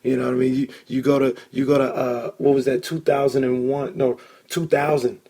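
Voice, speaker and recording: A gravelly man hosts a casual sports podcast. His voice is husky and a little rough. He tells stories excitedly and curses when he gets fired up. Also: mid-range voice, a little fast. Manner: excitable storyteller, swears when worked up. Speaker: podcast host.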